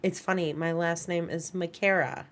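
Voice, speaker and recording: Casting: woman instructor, low voice, casual and chatty, talking students through a screen share. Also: a little slow, fairly bright tone. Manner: chatty, informal, talks to students in chat. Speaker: animation instructor. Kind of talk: online class screen-share walkthrough.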